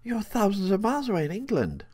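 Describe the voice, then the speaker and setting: A man's voice: sits high, huge pitch swings, quick pace, warm tone, breathy edge, dry recording, pitched above the performer's own voice, exaggerated voice. A man voicing a curious, eager little girl in a storybook reading.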